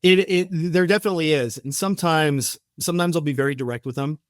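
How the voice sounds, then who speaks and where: This company founder, a guest on a podcast, speaks a little high and fast in a dry, clean studio recording. He tells stories in a casual interview, animatedly acting out the dialogue and restarting his sentences often.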